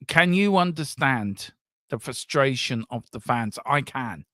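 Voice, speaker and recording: A man's voice: medium pitch, animated, measured pace, sharp tone, no echo, studio quality. A man hosting a casual football fan talk show, frank and emotional, rambling between reader comments.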